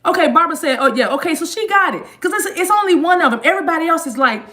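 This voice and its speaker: A woman's voice: extremely high pitch, lively intonation, rapid-fire, pushed and bright. A woman hosting a tarot live stream, chatting casually and playfully with viewers in slang, joking and laughing often. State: eating a mint while talking.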